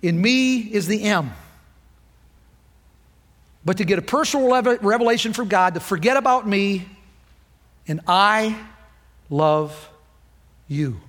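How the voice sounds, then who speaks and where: A man's voice: sits high, normal speed, long pauses, a bit bright. A middle-aged man preaching a sermon with emphatic, rousing call-and-response delivery. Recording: long hall reverb.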